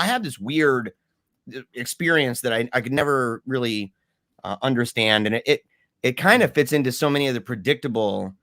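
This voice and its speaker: A man guest telling a story in casual talk, animated, with many restarts and fillers. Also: medium pitch, dry recording, clean studio sound.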